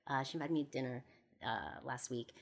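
Lady podcaster with a low voice, rambling storytelling, lots of "you know". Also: brisk. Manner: rambling, many fillers. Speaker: podcast host. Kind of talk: personal storytelling monologue.

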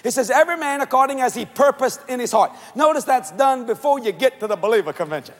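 A man preaching a sermon to a convention crowd, shouting and swinging his pitch up and down. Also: animated, quick pace. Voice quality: husky. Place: large church or convention hall. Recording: long hall reverb.

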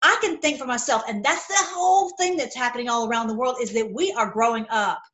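A woman's voice: a little high, brisk, a bit bright, low-quality recording. A middle-aged woman talking heatedly in a casual opinion monologue, with frequent restarts. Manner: impassioned, heated, repetitive restarts. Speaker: video commentator.

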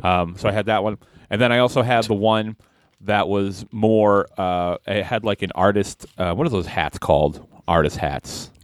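A man co-hosting a comedy podcast, telling a halting, rambling story in casual chat. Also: fairly low pitch, no echo, studio quality. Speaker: podcast co-host.

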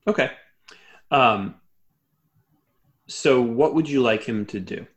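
A man as game master, narrating a tabletop game in a relaxed, conversational way. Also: medium pitch, slow pace.

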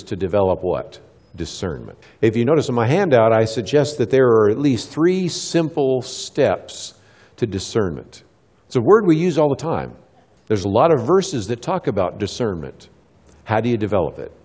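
Addressing a live church audience, a middle-aged Christian speaker asks questions, answers them himself, and acts out quick mini-dialogues with children. His voice is mid-range with a darkish tone. The sound carries a long reverb tail.

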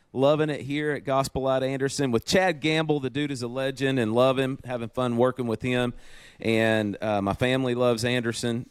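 A man co-hosting a podcast, telling stories in a lively, casual way from his office. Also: mid-range voice, clear, resonant tone, no room sound. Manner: animated storyteller, acts out quoted voices. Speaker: podcast co-host. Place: home office.

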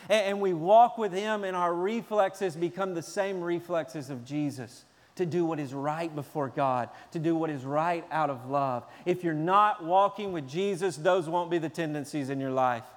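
A man preaching a sermon in an animated way, at times acting out shouting children. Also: a little high, normal speed, hardly any pauses, long reverb tail. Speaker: pastor.

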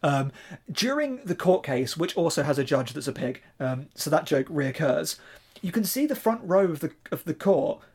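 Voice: medium pitch, sing-song, moderate pace, darkish tone, slightly rough. A podcast guest gushing with enthusiasm about a favorite film in casual chat.

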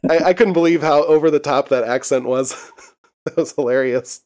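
A man's voice: on the high side, normal speed, darkish tone. Laid-back young man, casual podcast chat. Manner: laid-back, laughs often, swears casually. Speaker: podcast co-host. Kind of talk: casual chat recapping a TV show.

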